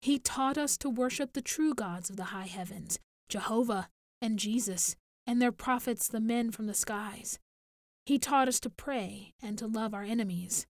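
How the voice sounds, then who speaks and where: A woman voicing a gentle, earnest young male alien villager who speaks hopefully. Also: on the high side, moderate pace, dry recording, studio quality, natural voice.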